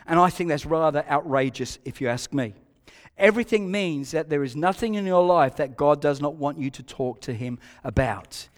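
A man with an Australian accent preaching a sermon as a pastor, emphatic, repeating key phrases and moving between loud and hushed delivery. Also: on the high side, animated, normal speed, long reverb tail.

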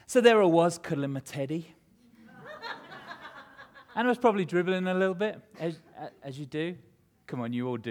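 A man preaching a sermon, reading scripture and telling a self-mocking story with animated humor. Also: on the high side. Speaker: pastor.

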